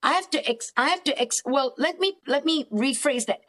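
A woman's voice: sits high, normal speed. A woman therapist, a podcast guest, talking animatedly and a little preacherly, often restarting sentences as she thinks aloud. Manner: animated, preacherly, acts out quoted voices. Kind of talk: conversational podcast interview.

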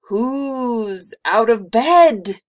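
A woman voicing a creepy tentacled male monster with an icy, hissing, drawn-out voice. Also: on the high side, expressive, pitched above the performer's own voice.

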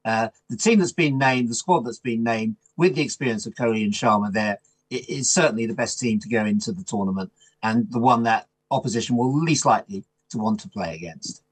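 A man speaking as a cricket pundit on a TV panel, giving measured, confident analysis. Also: mid-range voice, breathy edge, dry recording, low-quality recording. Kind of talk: TV panel commentary.

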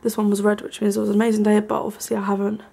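A young woman giving a casual, rambling tour of her small bedroom, full of ums and likes, sometimes hushed. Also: medium pitch, completely flat delivery, racing, vocal fry, husky. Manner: hushed at times so as not to wake her brother. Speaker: vlogger. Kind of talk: casual room tour vlog.

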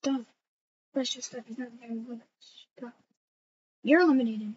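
A woman hosting a casual game role-play and judging contestants, brisk and exasperated. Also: a little high, level tone. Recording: dull lo-fi audio with faint noise.

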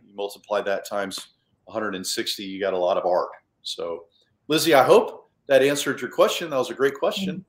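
A man's voice: mid-range voice, echoey room. Chatty, self-deprecating male author. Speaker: children's author and illustrator. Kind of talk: casual storytime talk.

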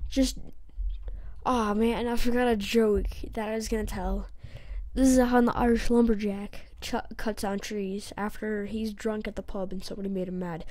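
A woman's voice: medium pitch, fairly even intonation, normal speed, warm tone, dry recording. A woman hosting a let's-play, chatting casually and rambling while correcting herself. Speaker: gaming channel host.

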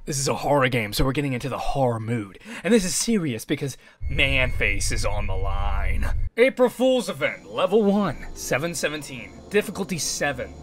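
A young man giving loud, excitable gameplay commentary with frequent yelling and swearing. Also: mid-range voice, normal speed. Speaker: gaming YouTuber.

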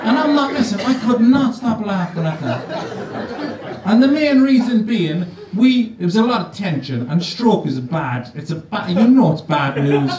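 A man's voice: sits high, normal speed, some chatter behind. A man telling a comic story on stage in a casual, swearing, conversational way. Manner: swearing, conversational, animated storytelling with a live audience laughing. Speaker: stand-up comedian. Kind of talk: stand-up storytelling. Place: stage in a comedy venue, before an audience. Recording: echoey live venue, voice from far off, audible audience noise.

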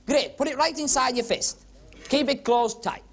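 A man doing comic magic patter on a club stage, teasing audience volunteers with quick cheeky asides. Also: very high voice, fairly bright tone. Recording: 1970s TV broadcast with crowd laughter and hiss. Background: audience laughing and murmuring.

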